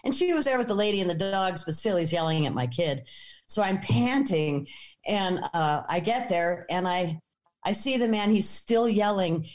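A middle-aged American woman telling a personal story in a lively way, acting out the voices of the people in it. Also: mid-range voice, moderate pace. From United States. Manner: animated, acts out quotes.

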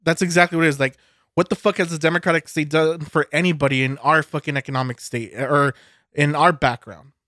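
A man's voice: on the high side, fairly even intonation, fairly quick, sharp tone, no echo, clean studio sound. A man co-hosting a podcast, ranting cynically in casual chat and swearing heavily. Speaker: podcast co-host. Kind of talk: casual profane rant.

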